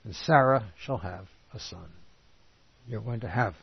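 Husky-voiced man teaching a sermon. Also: on the low side, no echo, muffled recording. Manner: reads scripture slowly and emphatically, then explains plainly. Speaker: preacher.

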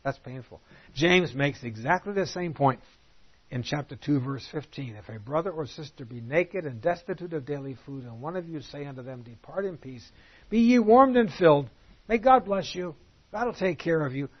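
A man teaching through a Bible passage in a conversational way, asking rhetorical questions and reading scripture slowly and deliberately. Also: mid-range voice, expressive, husky, muffled recording.

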